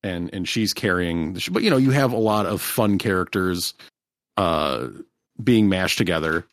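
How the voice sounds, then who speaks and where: A man's voice: low voice, lively intonation, normal speed, no room sound, clean studio sound. A man co-hosting a podcast, chatting casually in a rambling way with frequent restarts and easy laughs. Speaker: podcast co-host. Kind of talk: casual chat.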